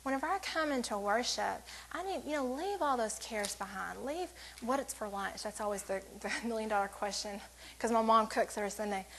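A woman speaks to a women's church group in a relaxed, conversational devotional. Her voice sits a little high, and she keeps breaking off mid-sentence to add joking asides before returning to her point. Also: brisk, a little hiss or hum, rough recording. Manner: rambling, self-interrupting, joking asides. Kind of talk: casual church devotional talk.

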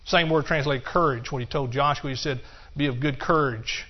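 A pastor preaches a church sermon in a mid-range voice at a moderate pace, building emphatically toward shouts of hallelujah. The recording is muffled and lo-fi.

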